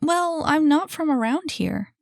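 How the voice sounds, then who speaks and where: A woman's voice: high-pitched, lively intonation, measured pace, creaky, no room sound, clean studio sound, pitched above the performer's own voice, exaggerated voice. A woman voicing an eager young goblin woman. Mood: hesitant.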